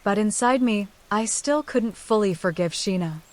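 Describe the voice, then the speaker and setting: A woman's voice: medium pitch, animated, normal speed. Woman narrating a horror story.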